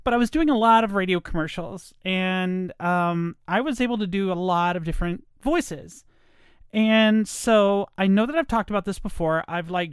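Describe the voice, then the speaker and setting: A woman's voice: mid-range voice, clean tone, dry recording, clean studio sound. A middle-aged woman from Virginia hosting a podcast, chatting casually in a self-deprecating, rambling way. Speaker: podcast host, former radio voiceover artist. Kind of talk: casual chat.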